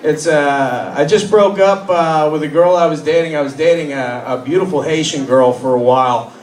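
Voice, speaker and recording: A man doing a loose, rambling stand-up set in a comedy club, full of uhs and sudden loud character voices. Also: fairly high pitch, normal speed. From New York. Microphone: handheld stage mic. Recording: echoey club recorded from far off. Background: laughing crowd.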